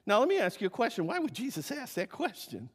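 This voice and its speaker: Speaking fast in a high, slightly rough voice, a pastor delivers an animated sermon in a church sanctuary. He acts out the characters of the story, with long hall reverb on the recording.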